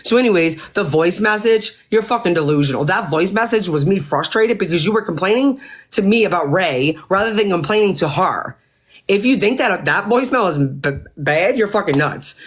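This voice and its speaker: A woman's voice: mid-range voice, animated, moderate pace, husky. A woman hosting her own livestream, venting in an angry, exasperated rant full of swearing. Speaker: livestream host.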